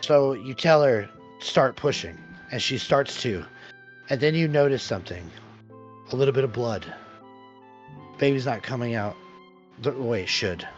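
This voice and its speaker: A man narrating a tabletop game as game master, with a halting delivery full of fillers, in a dull lo-fi recording with faint music. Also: medium pitch.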